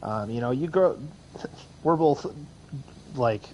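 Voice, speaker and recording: A man's voice: medium pitch, lively intonation, slow, a little mellow, poor audio. A man in his thirties co-hosting a casual podcast, rambling through long stories. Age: 30s. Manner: rambling, lots of fillers and restarts. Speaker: podcast co-host. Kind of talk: casual chat.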